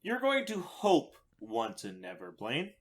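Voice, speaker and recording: A man's voice: mid-range voice, unhurried. A man co-hosting a podcast, chatting casually in a wry, teasing way. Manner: wry, teasing, lively delivery. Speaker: podcast co-host. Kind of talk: casual comedic chat.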